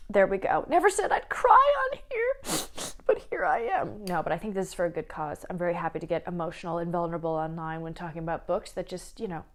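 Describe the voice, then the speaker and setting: A woman's voice: on the low side, fast, darkish tone. Chatty emotional young woman. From small town, Midwest US. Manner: chatty, emotional, laughs and tears up while talking. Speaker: book vlogger. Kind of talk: casual chat.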